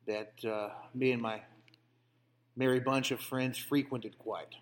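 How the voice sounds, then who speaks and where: A man's voice: mid-range voice, steady tone, a little slow. Mock-grand storytelling man in an echoing hall. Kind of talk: comedic banter. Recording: long hall reverb.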